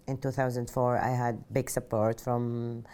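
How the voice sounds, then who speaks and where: Middle-aged Saudi-accented woman, very low and warm-toned, sincere and heartfelt, recounting her story. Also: level tone, measured pace. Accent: Saudi Arabic. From Saudi Arabia. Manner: earnest, heartfelt, frequent "just like" fillers. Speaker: airline pilot interviewee. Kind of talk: personal storytelling interview.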